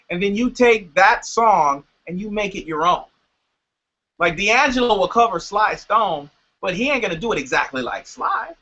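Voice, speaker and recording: A man with a high, bright voice talks casually as an interview guest, explaining his craft through examples. His voice comes through a dull, lo-fi line. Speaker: music producer guest.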